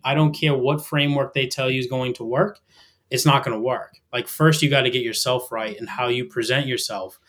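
A middle-aged man, a guest on a podcast, chats casually with a voice pitched right in the middle of the male range. He talks with energetic, emphatic drive and the rising cadence of someone who'd like to be a motivational speaker.

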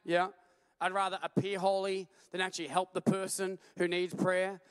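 A man preaching a sermon as a pastor, telling stories animatedly and at times rising to a shout. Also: sits high, completely flat delivery, moderate pace, smooth, in a large hall.

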